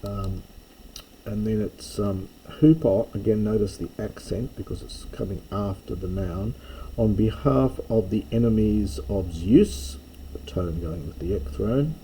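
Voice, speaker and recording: An older man giving a slow, halting line-by-line lecture, pausing often with ums and restarts. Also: fairly low pitch, mellow, slight background noise, poor audio. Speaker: classics lecturer.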